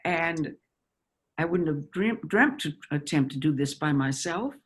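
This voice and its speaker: A woman in her nineties, an actress reminiscing in a chatty, halting way over a video call. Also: low voice, expressive, slightly rough. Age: 90s. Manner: chatty, halting with restarts and laughter. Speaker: actress guest. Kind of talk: casual interview reminiscing.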